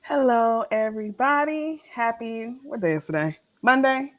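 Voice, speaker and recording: A woman's voice: a little high, normal speed, a bit bright, lo-fi sound. A woman co-hosting a podcast, chatting casually about a reality show, laughing often and acting out the people she quotes. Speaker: podcast co-host. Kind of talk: casual reality TV review chat.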